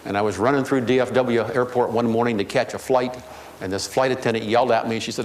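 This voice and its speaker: A man's voice: mid-range voice, steady tone, quick pace. A man giving a speech to an audience, telling humorous anecdotes in a storytelling way. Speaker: keynote speaker. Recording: echoey hall with faint noise.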